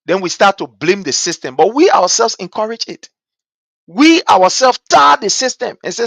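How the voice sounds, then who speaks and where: High-pitched and creaky, with big pitch swings and a somewhat bright tone, a Liberian man with a Liberian English accent hosts a political talk show at normal speed. He argues passionately through rhetorical questions and repeated points, asking "guess what," with no room sound.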